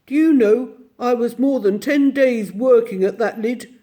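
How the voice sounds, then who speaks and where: A huge bear gatekeeper from a storybook, gruff and courteous, mildly scolding, played by a woman reading aloud, pitched a little higher than her narration. The tone stays mellow and soft-edged. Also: measured pace, lightly acted.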